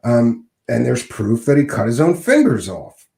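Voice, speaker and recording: Man, podcast host, hoarse from a cold, scratchy, roomy echo. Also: mid-range voice, sing-song, unhurried, dark tone, faint music behind. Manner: conversational, with frequent uh and um fillers. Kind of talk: casual podcast monologue.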